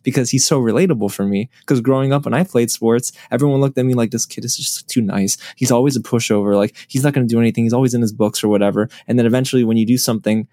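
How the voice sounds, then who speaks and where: Fast-talking fluent male podcast guest. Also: mid-range voice, steady tone, dark tone, no room sound, clean studio sound. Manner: fluent, organized. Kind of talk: casual chat.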